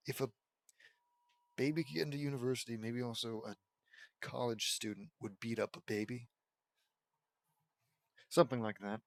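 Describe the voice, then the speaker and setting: A man's voice: mid-range voice, no room sound, clean studio sound. A man reading a fan fiction story aloud and breaking off into sarcastic, mocking commentary about it. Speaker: audiobook reader and commentator.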